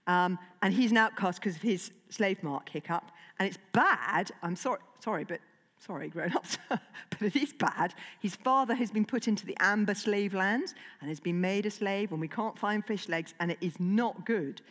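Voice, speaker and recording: A woman's voice: medium pitch, normal speed, a bit bright. Woman, children's author talk, chatty and rambling, reverberant hall. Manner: chatty, digressive, with many fillers.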